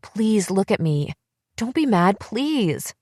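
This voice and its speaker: A woman's voice: medium pitch, expressive, unhurried, no room sound, studio quality. A woman reading the part of a desperate young woman who begs and pleads with her sister in an audiobook. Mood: pleading. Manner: pleading, wheedling, rising to yelling.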